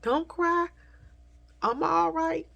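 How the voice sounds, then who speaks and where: A woman putting on her gentle late mother's soothing voice. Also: very high voice, drawn-out words, vocal fry, pitched above the performer's own voice, full character voice. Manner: soothing, tender reassurance. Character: late loving mother comforting her grieving daughter.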